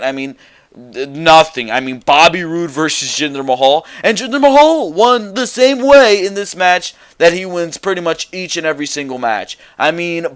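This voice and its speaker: A man hosting a casual review, talking in an animated, exasperated, opinionated way. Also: mid-range voice, clean tone. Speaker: show reviewer host.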